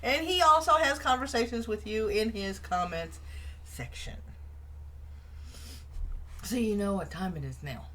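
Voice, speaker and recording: A woman's voice: medium pitch, expressive, a little slow, pauses often, pushed and bright. A middle-aged woman co-hosting a casual chat show, talking chattily and laughing often. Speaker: co-host.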